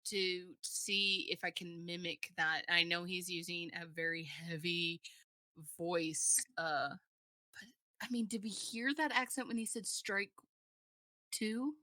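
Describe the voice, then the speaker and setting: A woman hosting a casual online talk show, chatty and quick to laugh, often trailing off mid-thought. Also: fairly low pitch, steady tone, pushed and bright, no echo, studio quality. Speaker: podcast host. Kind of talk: casual chat. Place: lived in the UK.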